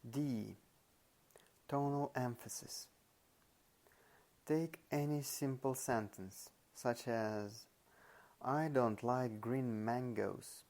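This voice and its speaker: A man narrates a nonfiction audiobook at an unhurried, measured pace. His voice carries a gravelly, creaky edge, and he lands firmly on the words he wants to stress. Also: medium pitch, darkish tone. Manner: slow, deliberate reading with stressed example words. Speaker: audiobook reader.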